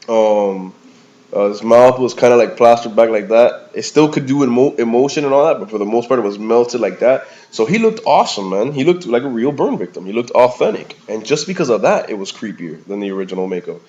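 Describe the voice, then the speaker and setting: Dude rambling through a movie review, slangy, lots of man and bro, mid pitch, kinda dull lo-fi sound. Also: animated, a little fast, a little mellow. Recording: slightly dull lo-fi recording.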